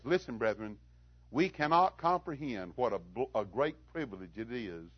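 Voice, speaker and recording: A middle-aged man preaching a sermon, rising to loud emphatic lines and dropping to hushed tones. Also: mid-range voice, no room sound, lo-fi sound.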